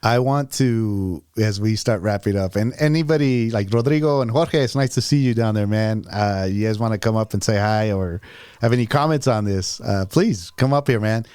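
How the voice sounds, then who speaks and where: A man in his forties hosting a casual podcast, telling stories in a relaxed, joking way. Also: lowish voice, normal speed, clean tone, no room sound, studio quality. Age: 40s. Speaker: podcast host.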